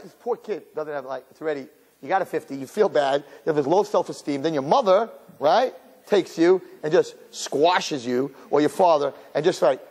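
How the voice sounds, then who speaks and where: A man as a rabbi giving a humorous sermon-lecture, telling stories with sarcastic, animated delivery. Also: a little high, moderate pace, slightly rough, in a large hall.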